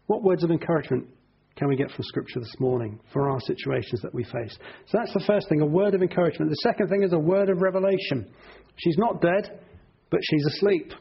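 A man's voice: on the high side, vocal fry, breathy edge, muffled recording. A middle-aged man preaching an earnest sermon to his congregation, often repeating words for emphasis.

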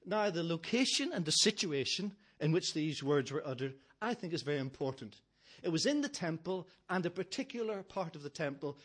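A man preaching a sermon, emphatic and building his points through repeated phrases, with touches of gentle humour. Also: a little high.

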